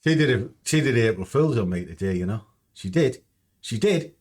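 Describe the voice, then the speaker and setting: A man's voice: mid-range voice, lively intonation, normal speed, darkish tone. A man hosting a trading channel from home, walking through his screen in a chatty, blunt way and swearing freely. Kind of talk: casual screen-share walkthrough.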